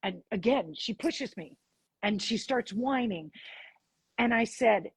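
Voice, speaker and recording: A woman with a very husky, breathy voice set fairly high, telling a story as a podcast guest. She tells it in an animated way and acts out what each person said. The sound is dry and close. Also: slow, dry recording. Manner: animated, acts out dialogue in her stories. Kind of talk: storytelling in an interview.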